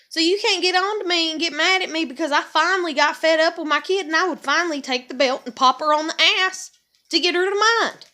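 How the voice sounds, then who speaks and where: A woman's voice: high voice, pushed and bright. A woman, venting in an angry, profane confessional rant to camera. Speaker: vlogger.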